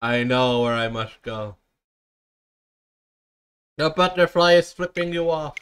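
Goofy high-voiced young streamer man. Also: slow, fairly bright tone, clear, resonant tone, soft background music. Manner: goofy, argues with himself in silly voices. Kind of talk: casual gaming stream commentary.

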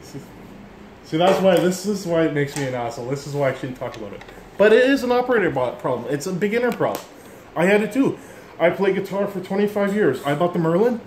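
A man's voice: high voice, animated, fast talker, a little mellow, a little hiss or hum. Blunt rambling man teaching an instrument. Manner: blunt, rambling, self-deprecating explanations. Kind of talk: casual music lesson. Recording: echoey room with instrument playing.

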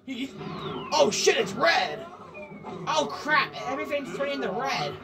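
High, jumpy woman reacting loudly. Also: big pitch swings, a little slow. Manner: jumpy, exclaiming, swears a lot. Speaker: video reactor. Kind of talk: reaction commentary. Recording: distant mic with music behind. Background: music.

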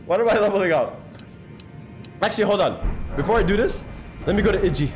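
Male streamer, casual slangy chat, excitable, fairly high voice, faint music behind. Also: brisk. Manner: excitable, slangy, thanks viewers constantly. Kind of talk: casual live-stream chat while gaming.

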